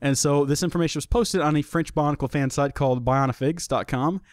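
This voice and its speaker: A man's voice: on the high side, brisk, dry recording, clean studio sound. A young man hosting a casual solo podcast, chatty and jokey, often restarting his sentences. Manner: chatty, jokey, self-deprecating, with many restarts. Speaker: podcast host.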